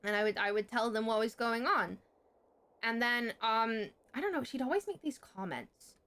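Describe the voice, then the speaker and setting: A young woman streamer telling a story in casual chat, swearing freely and jumping sharply in pitch. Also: expressive, moderate pace, a bit bright.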